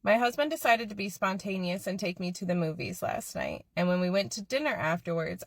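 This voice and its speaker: A woman's voice: medium pitch, fairly bright tone, dry recording, clean studio sound. A woman earnestly recounting a personal story to the camera.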